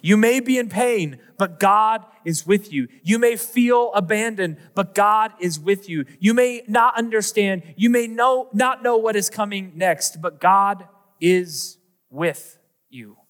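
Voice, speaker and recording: A man's voice: sits high, slow, fairly bright tone. A man preaching a sermon as pastor, with an earnest, repetitive cadence that builds through his lines. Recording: long echoey hall reverb.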